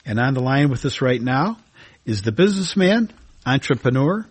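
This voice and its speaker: A man's voice: medium pitch, sing-song, normal speed, breathy edge. A man hosting a radio talk show, reading long ornate introductions and chatting with enthusiasm.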